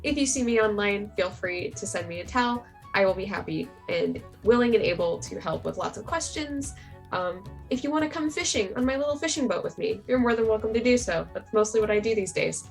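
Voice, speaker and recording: A chatty woman at mid pitch, rambling along casually between fillers as a tabletop player on a live stream. Her voice sits in an ordinary middle range. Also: lively intonation, brisk, gravelly, faint music behind.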